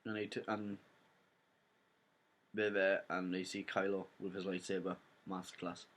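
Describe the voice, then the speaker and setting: A young Welsh man talking through a film's plot in a loose, rambling way, leaning on "like" and "basically". His voice sits a little low, and he speaks casually, straight to his viewers. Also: little pitch movement, measured pace, a bit bright. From Wales. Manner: rambling retelling full of "like" and "basically". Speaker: film reviewer. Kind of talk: casual spoiler review.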